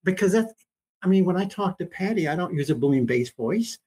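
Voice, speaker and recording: Husky-voiced man in his seventies. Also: high voice, lively intonation, a little fast, dark tone. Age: 70s. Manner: folksy, emphatic storytelling. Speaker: Christian teacher. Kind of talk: casual conversation.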